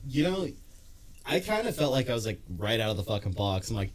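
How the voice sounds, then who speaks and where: A crude, animated man riffing on a podcast. His voice bounces all over the pitch range, and faint background noise sits behind him. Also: brisk. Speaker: podcast co-host. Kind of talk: casual chat.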